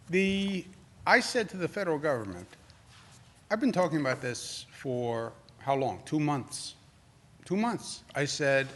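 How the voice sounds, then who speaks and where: A man's voice: mid-range voice, a bit bright. A man in his sixties with a New York accent answering reporters at a press briefing, combative and repeating phrases for emphasis. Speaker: governor giving press briefing.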